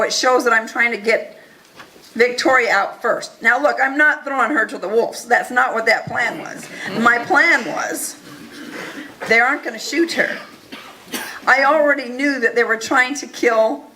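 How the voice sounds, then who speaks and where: A woman recounts events to an audience in an earnest, animated way, voicing the people in her story. Her voice is bright and a little high. Faint room noise sits behind her. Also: unhurried, rough recording. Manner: earnest, animated retelling with quoted dialogue. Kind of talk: first-person storytelling talk.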